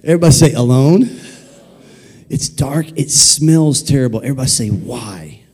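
His mid-range voice is darkish and slightly rough, with lively intonation and a moderate pace. In a church sanctuary, the man preaches a playful, jokey children's sermon and leads the crowd in repeat-after-me call-and-response.

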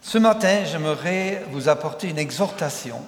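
An older man from France with a French accent, a visiting pastor preaching in short measured phrases with hesitant pauses for an interpreter. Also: on the high side, animated. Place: church sanctuary. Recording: echoey church hall.

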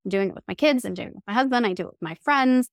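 A somatic therapist and mindset coach in her thirties speaks earnestly as a guest in a podcast interview, acting out quoted phrases as she explains. Her voice runs on the high side, expressive and rapid-fire, in clean studio sound with no room echo.

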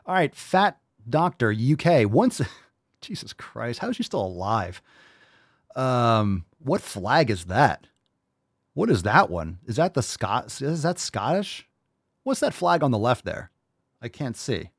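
A man rants sarcastically as a podcast host, mocking and swearing, jumping from loud outbursts to low muttering. His pitch swings widely as he talks. The recording is dry and close to the mic. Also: sing-song, slow, dry recording. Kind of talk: sarcastic commentary reacting to a read-out article.

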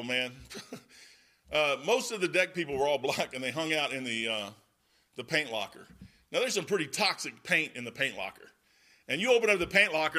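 Man preacher, folksy and rambling, bright forceful tone, slightly high voice. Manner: reads scripture aloud in old-style wording. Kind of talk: sermon with personal stories.

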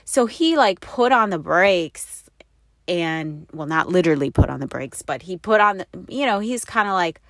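Rambling, low-voiced woman telling a story. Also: expressive, normal speed, a bit bright, no room sound, studio quality. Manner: rambling and confessional, with many fillers and self-corrections; breaks into laughter often. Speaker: wife sharing a personal story. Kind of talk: candid personal storytelling to the camera.

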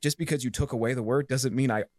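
A man in casual podcast chat who talks emphatically, swears freely and wanders through his points with fillers. His voice sits at a middle pitch and sounds close and dry, with no room around it. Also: fast, darkish tone, no room sound. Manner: profane, emphatic, rambling with fillers. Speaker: podcast guest.

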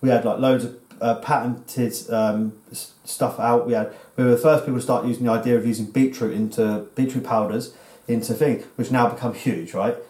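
English man, thirties, sweary rambling podcast host, echoey room, average pitch. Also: steady tone, brisk, dark tone. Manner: swearing, rambling storyteller with restarts. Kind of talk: casual podcast chat.

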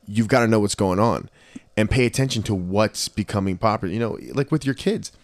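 Lively storytelling man on a podcast. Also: lowish voice, fairly quick, no room sound. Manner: animated storyteller who acts out quotes. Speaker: podcast host. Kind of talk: casual podcast chat.

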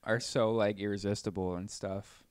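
A man co-hosting a casual chat, teasing with quick joking interjections. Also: lowish voice, flat delivery, clear, resonant tone, no echo. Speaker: co-host.

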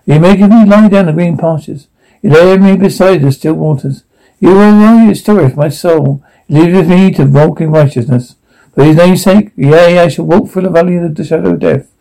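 An actor playing a grim village man who recites a psalm in a slow, solemn intoning manner. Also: a little high, gravelly, mellow, poor audio. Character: grim middle-aged village man turned zealot. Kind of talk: solemn scripture recitation in a TV drama.

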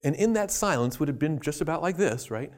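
A man preaching a sermon, telling a story with lively jokey asides. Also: a little high, brisk.

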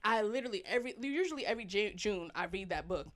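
A woman co-hosts a casual faith conversation. She tells personal stories with lively swings of pitch and loudness. She acts out her past reactions as she goes. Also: quick pace. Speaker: podcast co-host.

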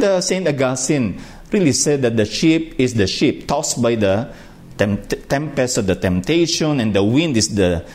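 A man's voice: mid-range voice, darkish tone. A man with a Filipino accent preaching a sermon, reflective and emphatic on key phrases. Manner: slow, reflective, with rising emphasis on key words.

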